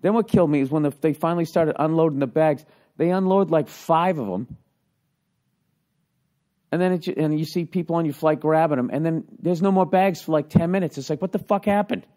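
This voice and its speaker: A man and stand-up comedian telling a story in casual chat, profane and animated. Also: fairly high pitch, fairly quick. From United States.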